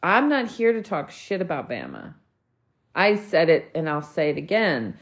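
A woman's voice: low-pitched, wildly swooping pitch, normal speed. A woman, hosting a solo podcast rant, blunt, heated and full of swearing. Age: 40s. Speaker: podcast host.

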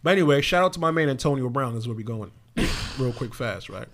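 A man's voice: medium pitch, expressive, fairly quick, a bit bright. A young man co-hosting a podcast, talking in a laid-back, slangy way with lots of fillers. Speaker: podcast co-host. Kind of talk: casual chat.

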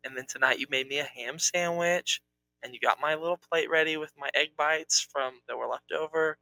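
A man's voice: a little high, a little fast, creaky, pushed and bright, dry recording, poor audio. A man co-hosting a podcast in casual chat, with a playful, teasing way of talking. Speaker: podcast co-host.

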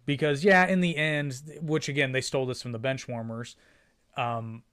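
A man co-hosting a podcast in loose, casual conversation, his voice sitting at an ordinary middle pitch. He rambles through movie memories and quotes lines along the way. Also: steady tone, moderate pace, a bit bright, clean tone. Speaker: podcast co-host. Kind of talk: casual movie review chat.

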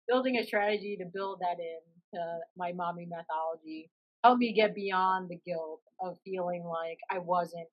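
A woman in her thirties in casual conversation, telling stories in an animated way and often laughing. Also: on the low side, dull audio.

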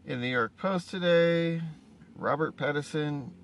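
Slow, gravelly-voiced man musing deadpan. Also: on the high side. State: tired, yawning. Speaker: vlogger. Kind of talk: casual rambling monologue.

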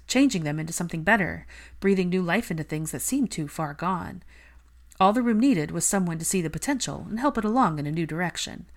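A woman reading fan fiction aloud in a steady, calm narration. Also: sits low. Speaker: reader.

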